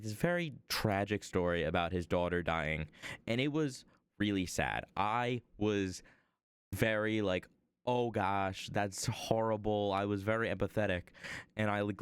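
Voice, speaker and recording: A young man with a lowish, smooth voice chats casually on a stream while he carves. He rambles and pokes fun at himself, and the sound is close and dry. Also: dry recording. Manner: rambling, filler-heavy, self-deprecating. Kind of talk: casual storytelling during an art stream.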